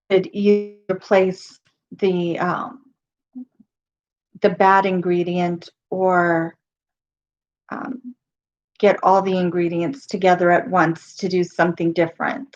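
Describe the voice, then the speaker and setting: Middle-aged woman hosting a casual live stream, hoarse from losing her voice, halting delivery, dull lo-fi sound. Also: fairly low pitch. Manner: halting, with many pauses and ums.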